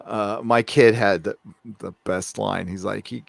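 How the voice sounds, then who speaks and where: A man's voice: fairly low pitch, steady tone, measured pace, creaky, dry recording. A man hosting a casual live stream, rambling and joking as he reads out viewer messages. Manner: rambling, jokey, reads out paid chat messages.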